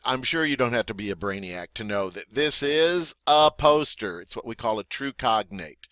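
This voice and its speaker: In a close, dry recording without room echo, a man teaches French vocabulary, modeling each word deliberately and leaving pauses for repetition. His voice is bright and forward, his pitch lively and varied, and his manner warm and encouraging.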